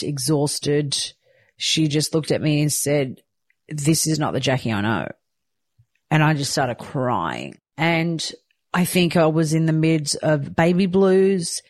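A woman's voice: deep voice, animated, measured pace, a little mellow, dry recording. A young woman speaking earnestly and directly to viewers in a casual personal vlog. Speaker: psychic medium and new mother sharing her story.

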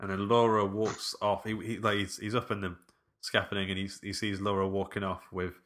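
A man's voice: fairly low pitch, little pitch movement, brisk, a bit bright. A man in casual film podcast chat, telling the story loosely and laughing a lot. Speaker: podcast co-host.

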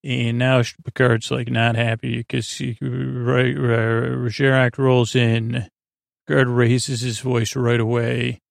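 A man's voice: mid-range voice, little pitch movement, slow, vocal fry, no room sound, studio quality. A man hosting a podcast, rambling through a loose, casual retelling of a TV episode and paraphrasing the characters' lines. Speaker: podcast host.

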